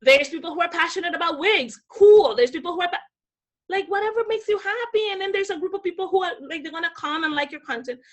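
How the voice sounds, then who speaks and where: With a very high voice and fast delivery, this young Dominican woman appears as a podcast guest, sharing stories in a casual interview. She is animated and performs the voices she quotes.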